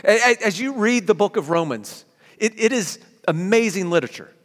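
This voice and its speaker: A man preaching a sermon as a pastor, animated and given to sudden emphatic bursts. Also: high voice, normal speed. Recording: long hall reverb.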